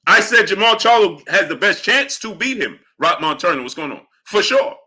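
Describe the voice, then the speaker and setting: A man's voice: sits high, sing-song, moderate pace, sharp tone, husky. A man hosting a live boxing stream, arguing with chatters and greeting them by name. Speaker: livestream host. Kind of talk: live chat boxing talk.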